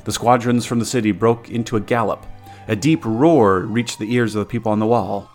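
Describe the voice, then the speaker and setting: Man reading a story aloud, low voice. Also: fairly quick, soft background music. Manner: steady narration with occasional stumbles and restarts. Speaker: podcast co-host reading a story.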